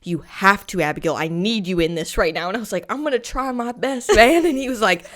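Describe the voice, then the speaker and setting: A woman co-hosting a casual podcast and telling a story with lots of energy. She acts out what other people said as she goes. Her voice sits at a middle pitch. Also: a little fast. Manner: animated storyteller acting out quotes. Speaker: podcast co-host.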